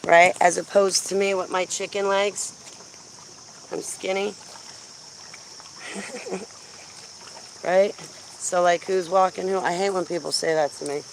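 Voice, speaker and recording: Gravelly-voiced woman chatting outdoors. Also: fairly low pitch, steady tone, takes it slowly, long pauses, a little hiss or hum. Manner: blunt, chatty storytelling with frequent laughs. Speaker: vlogger. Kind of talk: casual rambling chat. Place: outdoors walking a dog.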